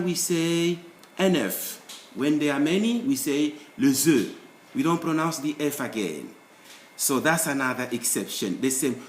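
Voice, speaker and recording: A man explains French pronunciation rules in a lesson, repeating example words. His pitch moves a lot, climbing sharply to stress key points. The recording is roomy and echoey, with a faint hiss behind him. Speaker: French language teacher. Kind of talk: screen-share language lesson.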